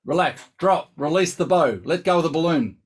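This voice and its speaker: Sex: man. Pitch: a little higher than most men. Role: brass teacher, live online lesson. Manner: chatty and instructive. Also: animated, moderate pace, a little hiss or hum. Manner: chatty, instructive, thinks aloud.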